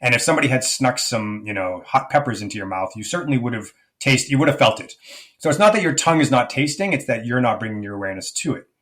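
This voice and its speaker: A man's voice: medium pitch, animated, quick pace, a bit bright. A middle-aged man speaking as a life coach guest in an interview, thoughtful and searching, often restarting his sentences. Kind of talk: reflective conversational interview.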